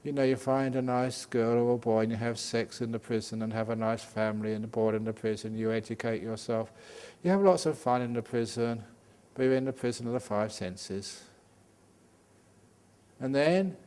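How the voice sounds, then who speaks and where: An older man gives a Dhamma talk as a Buddhist monk, with a mid-range voice. He teaches in a lively, joking way, sprinkling his talk with humor and examples. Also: medium pitch, normal speed. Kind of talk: Dhamma talk at a day retreat.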